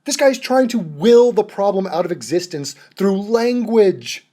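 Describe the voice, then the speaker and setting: A man's voice: sits high, animated, measured pace, warm tone. A young man hosting a reaction video, mocking a clip with sarcastic, swear-filled commentary.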